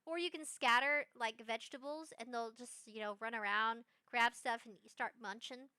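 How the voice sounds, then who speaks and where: A young woman streaming live, chatting in a rambling, bubbly way with bursts of excited squeals. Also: on the high side, moderate pace, clear, resonant tone, dry recording, clean studio sound. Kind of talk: casual live-stream chat.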